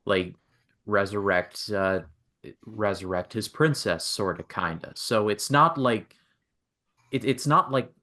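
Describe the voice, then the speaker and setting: A man's voice: lowish voice, slow pace, bright, forceful tone. A man chatting casually about movies, joking and a bit hesitant, self-deprecating. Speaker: podcast co-host.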